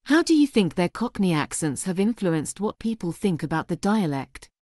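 A woman's voice: on the low side, very animated, moderate pace, darkish tone, no room sound. Polite woman host, dry close sound. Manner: polite, encouraging questions. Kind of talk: interviewing in an English lesson.

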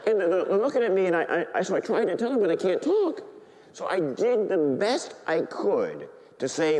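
A man's voice: high-pitched, darkish tone. A male Catholic priest preaching a sermon, telling his story animatedly and bantering with the congregation. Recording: long hall reverb.

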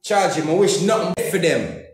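A Jamaican man rants on social media, heated and full of curses, circling back to the same phrases again and again. His voice sits high for a man. The sound rings hard off the walls of a very echoey room. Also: animated, moderate pace. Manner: heated, cursing, repeating phrases in Jamaican Patois. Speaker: comedian and YouTuber. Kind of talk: angry social media rant.

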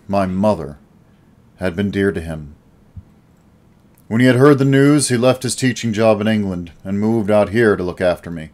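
A man narrating an audiobook in the first person with a steady storytelling delivery. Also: fairly low pitch.

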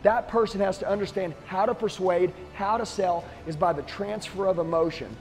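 A man's voice: sits high, moderate pace, in a large hall, faint music behind. A middle-aged man, a sales trainer, giving an intense, emphatic motivational talk to the camera.

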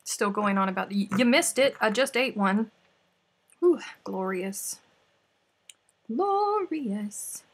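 A woman with a twang chats casually with her livestream viewers, playful and talkative as she answers comments between snacks. Her voice has a husky, slightly breathy texture. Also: mid-range voice, normal speed, few pauses, a bit bright. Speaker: crochet livestream host.

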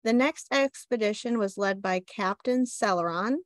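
Steady, informative woman presenting local history. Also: medium pitch, normal speed, dry recording. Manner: steady, informative delivery with light self-deprecating asides. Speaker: library reference assistant.

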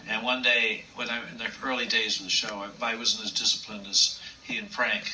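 An older man recounting memories in an unhurried, anecdotal way. His voice is low and bright-edged, and he sits a little back from the mic with faint noise around him. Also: flat delivery, recorded from a distance, poor audio. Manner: warm, anecdotal, acts out quotes. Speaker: puppeteer. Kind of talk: reminiscing interview storytelling.

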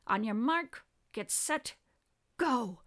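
Storybook figure: woman doing a man refereeing a race, loud announcing calls. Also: high voice, expressive, normal speed. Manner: announcing, calling out.

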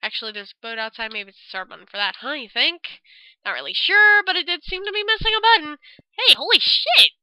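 Young woman gamer, high lively voice, swears a lot, loud reactions. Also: fast talker, no echo, low-quality recording. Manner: expressive and swearing, reads dialogue aloud. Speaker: let's play gamer. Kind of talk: casual game commentary.

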